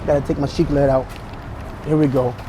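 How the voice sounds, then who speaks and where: A man's voice: medium pitch, level tone, fairly quick. A man hosting a casual food review vlog. He talks bluntly and with lots of slang, giving opinions on each dish. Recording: noisy outdoor street sound.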